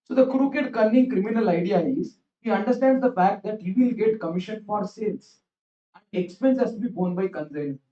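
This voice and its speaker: High-voiced lecturer. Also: male voice, fairly quick. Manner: animated storytelling with repeated phrases. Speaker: accounts teacher. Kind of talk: exam revision lecture. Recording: roomy, distant, dull classroom recording.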